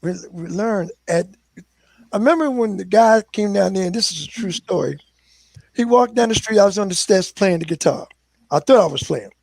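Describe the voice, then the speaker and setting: An older man from Philadelphia, a guest musician telling animated stories in casual conversation. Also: sits high, moderate pace, gravelly, no room sound. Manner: animated, acts out quoted voices. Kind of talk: casual storytelling.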